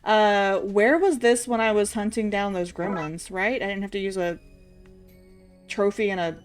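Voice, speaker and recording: A woman's voice: medium pitch, steady tone, moderate pace, soft background music. Woman streamer muttering over gameplay. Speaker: game streamer. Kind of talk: casual gameplay commentary.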